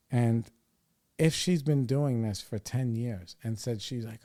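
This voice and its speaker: A man's voice: medium pitch, slow. A young adult man and podcast host telling a story in casual chat, swearing often and sounding exasperated. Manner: profane, animated, exasperated retelling.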